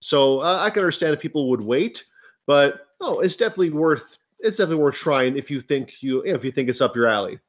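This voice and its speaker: A man giving a measured, hesitant opinion on a gaming podcast. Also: a little high, animated, highs cut off. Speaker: podcast panelist. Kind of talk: casual chat.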